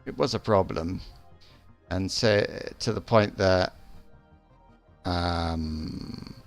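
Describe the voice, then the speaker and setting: A man's voice: low-pitched, drawn-out words, faint music behind. A man streaming a game live, chatting casually in a rambling, hesitant way with lots of restarts.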